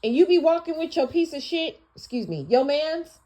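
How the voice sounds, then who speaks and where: High-pitched woman, channel host; profane, emphatic, scolding monologue. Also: expressive, moderate pace. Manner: emphatic, swings between loud and quiet. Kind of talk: casual rant monologue.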